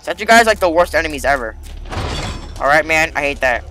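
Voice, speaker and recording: A young man doing let's play commentary, excitable and rambling, yelping and joking as he plays. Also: on the high side, a little fast, faint music behind. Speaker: gaming YouTuber.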